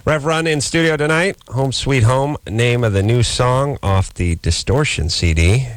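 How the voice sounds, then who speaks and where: A man's voice: mid-range voice, measured pace, no echo. A man co-hosting a late-night radio show, riffing comically in an exaggerated, ranting way into a studio microphone. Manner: ranting, exaggerated and animated, jumps into comic bits. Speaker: radio talk show co-host.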